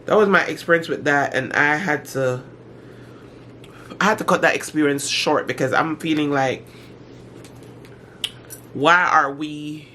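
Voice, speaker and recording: A middle-aged woman vlogger in casual storytime chat, talking in an animated, slangy way with dramatic asides. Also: deep voice, a little hiss or hum.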